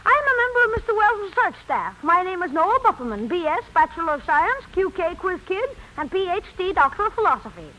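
A woman's voice: extremely high pitch, very animated, brisk, few pauses, bright, forceful tone, heavily acted, rough recording. A woman voicing a pompous, stilted boy genius in a 1940s radio comedy. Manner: lofty, stilted, pompous wording. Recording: hissy old radio broadcast.

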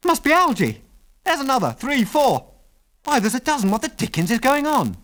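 A man voicing a young male airman who is eager and excitable, with quick, raised exclamations. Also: high-pitched, pitched above the performer's own voice, exaggerated voice. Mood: excited.

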